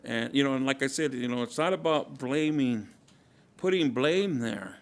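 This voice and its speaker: Guy giving a loose reflective talk, gravelly voice, keeps restarting with lots of you know. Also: medium pitch. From Kumeyaay community, Southern California. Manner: halting, repeats words, many fillers. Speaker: conference speaker.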